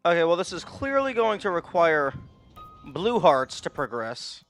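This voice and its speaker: A game streamer giving low-key let's-play commentary, musing and talking to themself while playing. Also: very animated, measured pace, fairly bright tone, soft background music.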